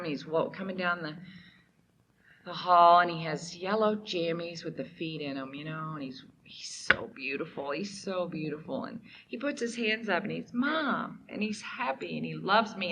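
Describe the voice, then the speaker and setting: A woman's voice: fairly low pitch, noisy background. A woman from Oklahoma sharing her personal story at a recovery meeting, candid and emotional, with many fillers. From Oklahoma, USA. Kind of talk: personal testimony talk. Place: meeting hall at a recovery convention.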